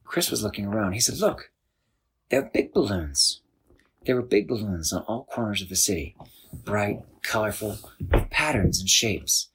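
A man narrating an improvised bedtime story in a loose, animated way, with restarts. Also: fairly low pitch, normal speed, a little hiss or hum.

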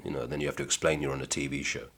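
A man guesting on a podcast, telling dry, deadpan comic stories in a casual chat. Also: very deep voice, rapid-fire, husky. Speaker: comedian guest.

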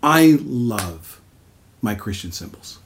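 A man's voice: lowish voice, sing-song. Eager male podcast co-host. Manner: eager, affirming, quick to agree. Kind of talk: casual podcast conversation.

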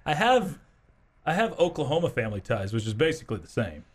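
A man's voice: medium pitch, sing-song, a little fast. A man hosting a morning sports talk show, chatty, leading the conversation with questions to his co-host. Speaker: fill-in sports radio host.

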